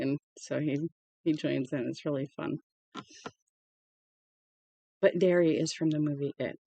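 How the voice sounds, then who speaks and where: An amateur audiobook reader giving a casual read-aloud with chatty asides, stumbling on words and correcting them out loud. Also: medium pitch, dry recording. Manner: conversational and unpolished.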